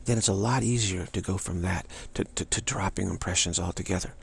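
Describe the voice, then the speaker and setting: A man giving a spiritual practice talk, halting and musing, with frequent restarts and repeated phrases. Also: deep voice, vocal fry, slight background noise. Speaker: spiritual teacher.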